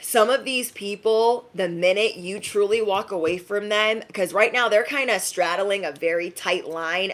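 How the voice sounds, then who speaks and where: A woman giving a casual, emphatic live-stream reading, chatty and quick to laugh. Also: medium pitch. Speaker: tarot reader.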